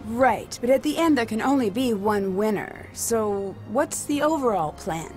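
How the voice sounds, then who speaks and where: Nancy Drew, earnest sleuth. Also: female voice, on the high side, animated, unhurried, a little mellow, faint music behind. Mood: curious. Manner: curious, questioning, earnest. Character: earnest young female amateur detective. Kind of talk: video game voice acting.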